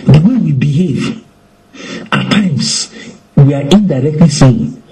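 A man preaching with animated delivery, acting out quoted lines in shifting voices. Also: on the high side, slow pace, low-quality recording. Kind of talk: lively preaching in conversation.

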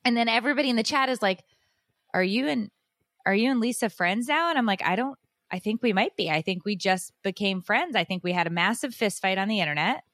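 A woman hosting a podcast, telling a story in frank, animated casual chat and acting out what people said. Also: mid-range voice, brisk, no echo, studio quality. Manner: animated, acts out quotes, frank and profane. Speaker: podcast host.

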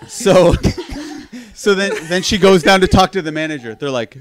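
A man with a slightly raised voice tells a story in casual chat. He is animated, swears freely and laughs at himself. The recording is dry, with no room echo. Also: a little high, moderate pace.

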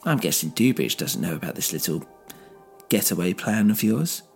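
A man's voice: low-pitched, expressive, moderate pace, gravelly, soft background music. A man voicing a sly old villain who taunts and mocks. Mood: taunting. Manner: taunting, playful.

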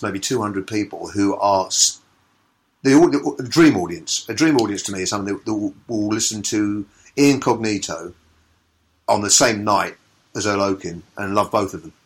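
A man with a lowish voice chats casually in an interview, praising acts with rambling enthusiasm. He hesitates often and circles back on his thoughts. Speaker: comedy promoter.

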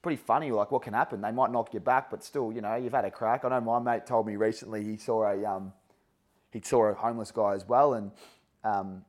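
A man's voice: fairly low pitch, fairly even intonation, brisk. Chummy Australian man hosting a podcast. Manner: friendly, laughs along, matey slang. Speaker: podcast host. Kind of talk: casual podcast chat.

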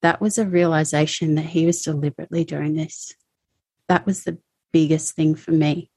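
A woman recounting her personal experiences as an interview guest, speaking in a halting, emotional way. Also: low voice, steady tone, dark tone, breathy edge, dry recording. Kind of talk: personal testimony.

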